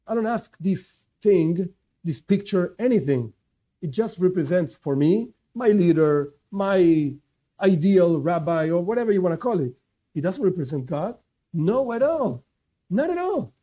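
A man teaching a class gives an informal religious lecture, emphatic and conversational, repeating his main points and answering imagined objections. His voice is high, warm and expressive, and he speaks a little slowly.

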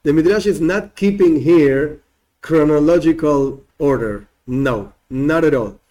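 A man's voice: on the high side, measured pace, warm tone. A man teaching a religious text in an informal way. He acts out the quoted lines and repeats words as he explains.

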